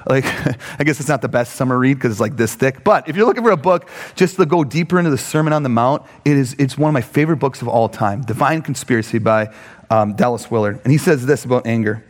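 A man preaching a conversational sermon, animated and full of fillers, often checking in with "right?". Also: medium pitch, quick pace. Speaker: pastor. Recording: long hall reverb.

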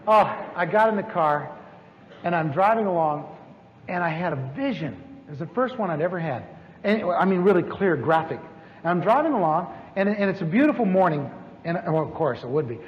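A man telling a lively personal testimony as a storytelling sermon, with repeated phrases and sudden exclamations. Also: sits high, fairly quick, highs cut off. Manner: animated, repetitive storytelling with sudden shouts. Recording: reverberant hall with faint noise.

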